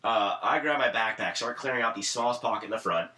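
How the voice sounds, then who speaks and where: Fast-talking deep-voiced young man. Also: sharp tone, slight background noise. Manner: rambling storyteller, swears casually. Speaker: podcast guest. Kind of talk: casual chat.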